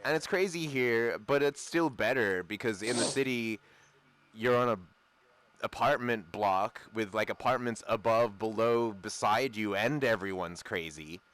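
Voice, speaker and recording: A man's voice: lowish voice, a little slow, a bit bright. A young man chatting casually while gaming, rambling through a story with frequent swearing and laughter. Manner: rambling, profane, laughs often. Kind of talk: casual chat.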